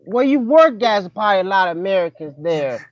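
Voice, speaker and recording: A man with a high voice chats casually, teasing his friend and laughing. His pitch swoops up and down a lot. The sound is muffled and lo-fi, like a call. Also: big pitch swings, brisk, no room sound. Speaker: group chat member.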